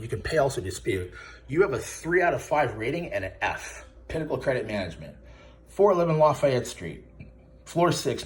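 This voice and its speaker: A man's voice: mid-range voice, a little hiss or hum. A man ranting straight to camera in a profane, confrontational, mocking way, calling out someone by name. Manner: addresses the target directly by name. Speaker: YouTuber calling out a credit repair business. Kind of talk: angry direct-to-camera vlog rant.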